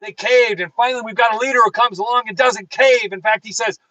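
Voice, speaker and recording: A man's voice: very high-pitched, fairly even intonation, fast talker, hardly any pauses, pushed and bright, no room sound, highs cut off. A man hosting a live political show from his car, fired up and preachy, talking straight to his viewers and reading their chat. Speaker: political talk show host.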